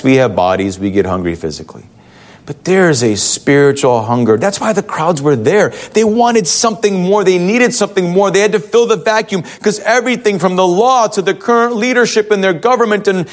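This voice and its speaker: A male pastor giving a conversational sermon in a church, full of rhetorical questions. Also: sits high.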